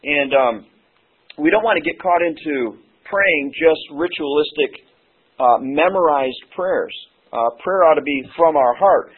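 A hoarse man preaching a sermon as pastor, earnest and halting, with many "uh" pauses. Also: a little high. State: hoarse, losing his voice. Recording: tinny phone-like sermon recording.

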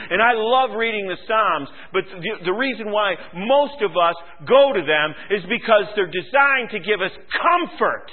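A man preaching a sermon as pastor, acting out quoted voices and swinging between shouts and hushed tones. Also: high voice, lively intonation, unhurried, hardly any pauses. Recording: phone-like radio broadcast.

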